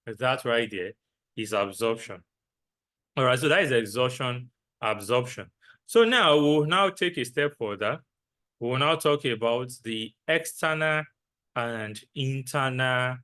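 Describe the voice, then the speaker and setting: A man's voice: medium pitch, a bit bright. A man teaching a trading lesson, repeating key phrases and answering his own questions. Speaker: trading instructor. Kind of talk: lecture with repetition.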